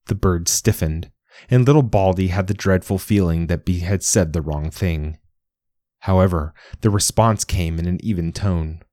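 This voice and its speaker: A man narrating a storybook in an expressive, lively reading style. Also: low-pitched, moderate pace, no echo, studio quality.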